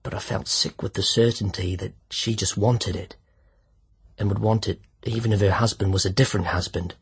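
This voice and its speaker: Man, audiobook narrator, first-person story, measured, reflective, low voice, crisp. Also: fairly even intonation.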